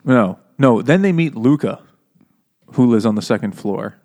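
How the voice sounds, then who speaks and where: A man's voice: mid-range voice, moderate pace. Crude, jokey podcast man. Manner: crude jokey riffing, acts out silly quotes in animated voices. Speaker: podcast co-host. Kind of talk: casual comedic book discussion.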